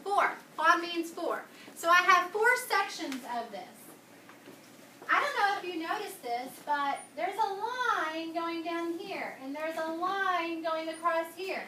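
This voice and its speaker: With an extremely high, sharp-toned voice and lively intonation, an elementary school teacher speaks slowly, coaxing her class of children in an upbeat manner and repeating key words. The far camera picks up an echoey classroom from a distance, with slight background noise.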